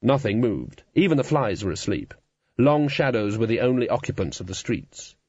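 A man's voice: mid-range voice, big pitch swings, normal speed, darkish tone, slightly rough, no room sound, lo-fi sound. Wry male storybook narrator. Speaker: audiobook narrator.

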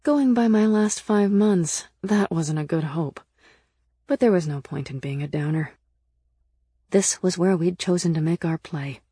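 A woman narrating a first-person audiobook in an earnest, lively storytelling manner. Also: on the low side, measured pace, husky, dry recording, studio quality.

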